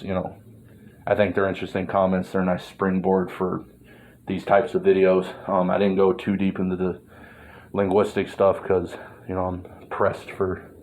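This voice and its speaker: A man with a deep, monotone voice rambles through a casual vlog, drifting off track, swearing freely and padding his talk with "um" and "you know." A faint hiss sits under the recording. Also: vocal fry. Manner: meandering, filler-heavy, profane. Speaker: vlogger. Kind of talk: rambling monologue.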